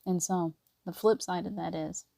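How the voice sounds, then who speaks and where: A middle-aged woman speaks softly and earnestly to her live-stream viewers, greeting them by name as she goes. Her voice sits low and mellow with a flat, steady melody. The recording is dry and close. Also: normal speed, creaky, no echo. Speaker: spiritual live-stream host. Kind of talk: casual spiritual live-stream talk.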